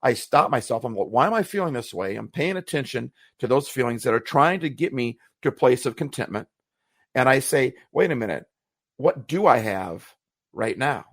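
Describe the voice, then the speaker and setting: A man's voice: mid-range voice, expressive, normal speed, fairly bright tone, dry recording, studio quality. A man co-hosting a motivational podcast, talking earnestly and reflectively and circling back on his words. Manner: earnest, reflective, repeats phrases when searching for words. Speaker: podcast co-host.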